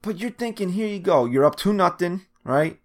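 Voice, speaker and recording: A man's voice: sits high, animated, moderate pace. Rambling man talking baseball. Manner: rambling, trails off mid-thought. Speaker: podcast co-host. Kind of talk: casual sports chat.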